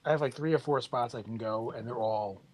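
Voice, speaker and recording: A man's voice: medium pitch, fairly quick, crowd noise. Stammering New York caller, man. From Queens, New York. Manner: stammering, friendly. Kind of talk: casual chat.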